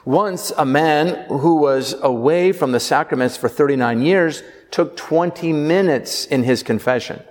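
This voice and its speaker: A priest preaching a sermon with earnest delivery, slowing down for emphasis. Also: male voice, fairly high pitch, big-room sound.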